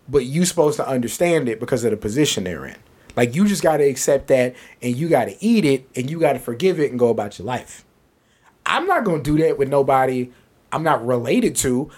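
A man spins a story in casual podcast chat, his pitch rising and falling a lot. He talks in slang, swears often and acts out the other people in the story. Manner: animated, profane, slangy, acts out quotes. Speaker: podcast co-host.

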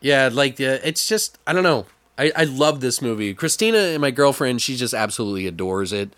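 A young man chatting casually about a movie, acting out scenes in squeaky voices and swearing a lot. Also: fairly quick, dry recording. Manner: animated storyteller, acts out characters in high voices, swears a lot. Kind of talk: casual chat reviewing a movie.

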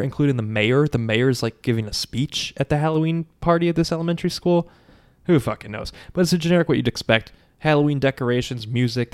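A man co-hosting a casual chat, retelling a film in a profane, animated way. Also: medium pitch. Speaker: podcast co-host.

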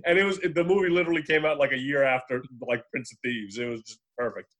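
A man's voice: medium pitch, fairly even intonation, a bit bright. Rambling, swearing man chatting movies. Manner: rambling, swears freely, does quick voices in anecdotes. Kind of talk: casual movie chat.

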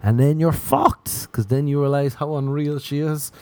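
A man's voice: on the high side, steady tone, moderate pace, mellow. A young man delivering a rambling, profane comic monologue, sarcastic and laughing at his own jokes.

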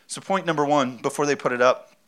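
A man's voice: a little high, a little fast, a bit bright, clean tone. A man preaching a sermon as pastor, talking in a conversational, emphatic way and repeating his key phrases.

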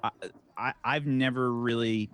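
A man playing in a tabletop game, speaking casually and in a hesitant, halting way. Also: mid-range voice, fairly even intonation, a bit bright, clean tone. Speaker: player.

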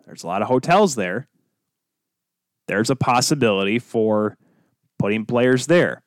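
A man's voice: medium pitch, animated, a little slow, no echo, studio quality. Rambling man hosting a sports podcast. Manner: rambling, self-deprecating, goes off on tangents. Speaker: podcast host. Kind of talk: solo podcast monologue.

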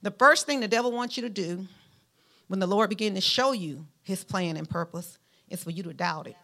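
A woman with a Southern Alabama drawl preaching a sermon, folksy and emphatic, talking straight to her congregation. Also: a little fast. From Mount Vernon, Alabama, US. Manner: animated preaching with a lively pitch, rising to emphatic peaks; folksy, speaks directly to the congregation.

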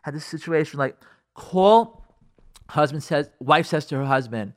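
This radio host's voice is fairly high and unhurried. He wanders through a story in a chatty way, full of fillers and restarts, and animatedly performs each character's dialogue.

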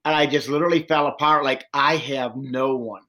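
A man's voice: medium pitch, fairly quick. A man telling a long personal story in an interview, earnestly acting out the voices of people he met. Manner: earnest, animated retelling with quoted dialogue. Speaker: social worker and domestic violence trainer.

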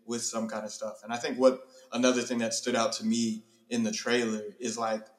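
Male co-host, average pitch, chatty analytical banter, roomy echo on the recording. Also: flat delivery, brisk. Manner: chatty, analytical, slangy with swearing. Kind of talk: casual chat.

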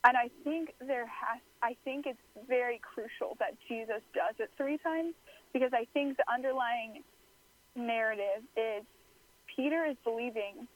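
A woman's voice: a little high, a little slow, low-quality recording. A woman talking things through in casual conversation, thoughtful and searching for words. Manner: thoughtful, many fillers and restarts. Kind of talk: casual chat.

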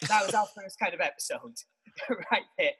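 A man, co-host of a podcast, casually telling stories from his bedroom in an animated, self-mocking way, swearing freely. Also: high voice, a little fast, background noise. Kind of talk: casual storytelling monologue.

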